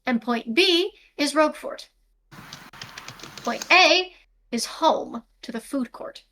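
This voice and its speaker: A woman's voice: high-pitched, expressive, slow, pushed and bright, slight background noise. A woman narrating a tabletop game as game master over a video call, descriptive and prone to self-corrections.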